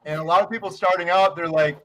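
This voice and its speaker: Upbeat, bright-voiced male host. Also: high-pitched, steady tone, quick pace, rough recording. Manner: upbeat and encouraging. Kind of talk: casual live-stream chat.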